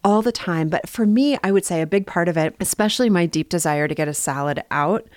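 A woman's voice: on the low side, a little fast, a little mellow, no echo, studio quality. A woman in her forties from North Dakota, talking as a podcast guest in a candid, enthusiastic way. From North Dakota, USA. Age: 40s. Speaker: guest, health director. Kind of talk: casual podcast chat.

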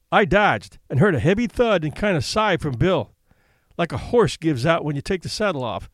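A male narrator with a fairly high voice, reading a comic story with wry, expressive delivery. His pitch moves about animatedly, and the recording is dry and close. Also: dry recording. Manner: expressive, wry first-person telling. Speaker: audiobook narrator.

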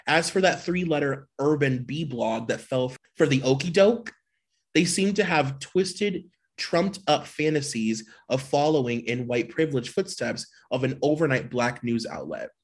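A husky male voice of medium pitch moves at a normal speed with hardly any pauses. Co-hosting a podcast, he reads gossip blind items aloud in an exaggerated, mocking tone, chats casually, and laughs easily.

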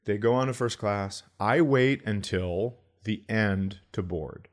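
A middle-aged man from Minnesota, a comedian telling a story in casual podcast chat, breaking into loud exclamations. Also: on the low side, slow pace. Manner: animated, jumps into loud exclamations.

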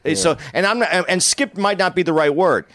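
A man in casual podcast conversation, measured and careful, often rephrasing to get his point right. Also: sits high, fairly bright tone.

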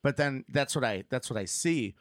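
A man's voice: medium pitch, lively intonation, moderate pace, no echo. Podcast co-host: man, candid, casual swearing, dry mic.

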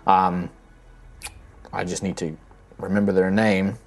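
A man narrating as game master of a tabletop game, loose and halting, with many fillers. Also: sits low, flat delivery.

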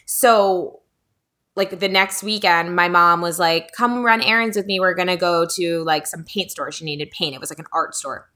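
A woman's voice: lowish voice, steady tone, normal speed, pushed and bright. A woman in her thirties, a podcast host chatting casually and telling a childhood story, acting out the voices of the people in it. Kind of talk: casual chat.

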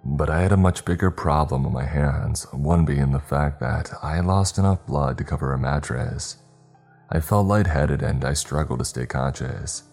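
A man reading a scripted horror story in the first person, steady and measured. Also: rumbling low, creaky.

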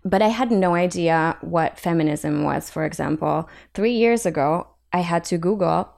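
A young woman with a Hungarian accent speaks in a slightly low voice. She is an illustrator being interviewed on a podcast and talks frankly, with plenty of energy. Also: moderate pace, creaky. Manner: frank, animated, laughs often. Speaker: illustrator guest.

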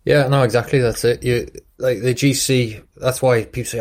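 A man's voice: mid-range voice, steady tone, brisk, few pauses, darkish tone. A man, a guest on a podcast and a former breakaway rider, thinking aloud in a casual chat, often repeating himself.

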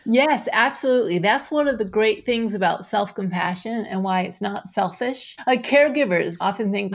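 A woman's voice: medium pitch, expressive, moderate pace, hardly any pauses. A middle-aged woman answering interview questions in an earnest, explanatory way, sometimes laughing. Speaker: guest, self-compassion researcher. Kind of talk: conversational interview.

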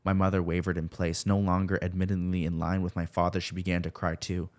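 A young man narrating a horror story slowly and steadily, raising his voice for the shouted lines. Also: sits low, level tone. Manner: slow, measured storytelling with shouted character lines. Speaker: podcast host reading a creepypasta.

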